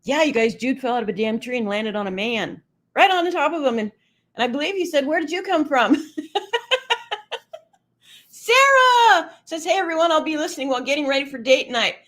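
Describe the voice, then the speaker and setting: A middle-aged woman hosting a casual livestream, chatting warmly with viewers and reading their comments aloud, laughing often. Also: fairly quick. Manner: chatty and emotional, laughs often, lively pitch. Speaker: livestream host.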